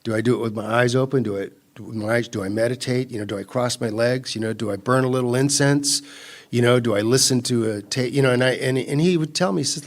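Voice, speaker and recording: A man's voice: medium pitch, fast talker. A man from California speaking at a recovery retreat, rambling through his story with many restarts and easy laughter. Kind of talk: personal talk at a recovery retreat.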